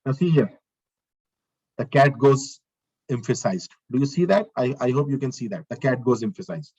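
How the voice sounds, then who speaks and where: A man's voice: mid-range voice, expressive, normal speed, dark tone, slightly rough, lo-fi sound. A male lecturer giving a live online coding lesson. He talks through each step as he works, repeats his phrases and asks the class questions.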